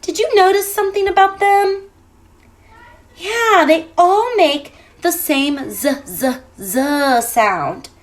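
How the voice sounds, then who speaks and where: Playful high-voiced woman reading to kids. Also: slow. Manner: animated, playful, stretches sounds for kids. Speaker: teacher reading to children. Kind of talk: reading a picture book aloud to children.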